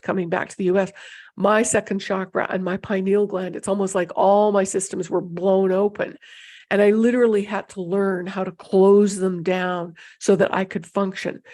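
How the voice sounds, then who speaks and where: A woman's voice: mid-range voice, darkish tone. A middle-aged woman giving an unscripted talk as an intuition teacher, wandering between thoughts with frequent fillers and restarts. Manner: meandering, restarts with many fillers.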